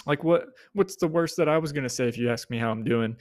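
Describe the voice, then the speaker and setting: A man's voice: fast, no room sound, clean studio sound. A young man hosting a solo podcast in a rambling, casual way, with offhand swearing. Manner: rambling, swears casually, mimics people in high voices. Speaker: podcast host.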